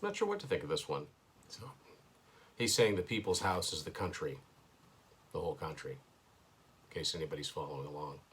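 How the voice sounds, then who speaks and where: A man with a very low voice talks through an album as he hears it, thinking aloud. His delivery is casual and hesitant, with dry little asides, and a faint hum sits behind him in a home room. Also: very animated, fairly quick, pauses often. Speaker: host. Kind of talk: casual first-listen album commentary. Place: indoors at home.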